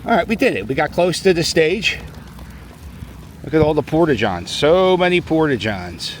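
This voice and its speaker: A middle-aged man chats into a handheld camera as he walks a snowy city plaza. His voice sits mid-pitch but bounces around a lot as he jokes and rambles off on asides. Street ambience and a faint hiss stay behind him. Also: sing-song, moderate pace. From Philadelphia. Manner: chatty, joking, rambling asides. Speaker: vlogger. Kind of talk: casual walking vlog commentary.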